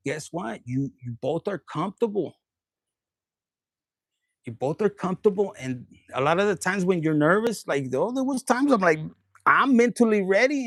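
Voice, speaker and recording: A man's voice: a little high, dry recording, clean studio sound. A man giving a casual tarot reading, blunt and crude, laughing and acting out the lines of the people he describes. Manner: blunt, crude, playful, acts out quoted lines. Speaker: tarot reader.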